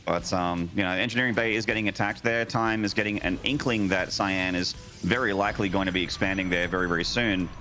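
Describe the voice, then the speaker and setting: A man walks through live esports strategy in a measured, explanatory way. His voice sits on the low side, and he breaks up the analysis with playful remarks. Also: fairly even intonation, pushed and bright, soft background music. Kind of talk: live game analysis commentary.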